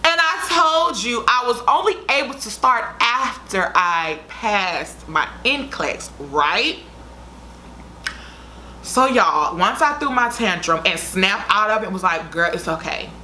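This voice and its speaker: A woman's voice: medium pitch, lively intonation, takes it slowly, bright, forceful tone, a little hiss or hum. A young woman vlogger telling a story to her viewers in a chatty, dramatic way. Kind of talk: casual storytime vlog.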